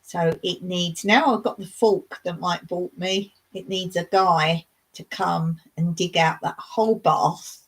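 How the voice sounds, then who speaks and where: Slow, easygoing woman chatting live. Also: fairly low pitch, steady tone, breathy edge, low-quality recording. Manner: chatty, rambling, laughs often. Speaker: live streamer. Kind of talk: casual chat with live viewers. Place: rural smallholding.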